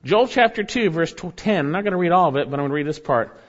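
A man's voice: fairly high pitch, fast talker, few pauses. A man preaching a sermon and reading scripture aloud, his voice rising and falling expressively. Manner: expressive preaching, reads scripture aloud with wide swings in loudness. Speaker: pastor. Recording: dull lo-fi recording.

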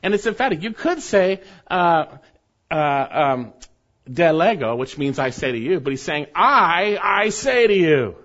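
Animated, high-voiced male preacher. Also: normal speed. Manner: emphatic, repeats key phrases. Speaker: pastor. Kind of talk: expository sermon. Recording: dull lo-fi sermon recording.

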